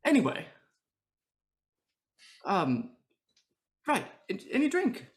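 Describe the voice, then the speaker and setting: A woman voicing a fussy, overeager male host who gushes welcomes in a high, lively voice. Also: takes it slowly. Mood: flustered. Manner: high, gushing, repetitive welcomes.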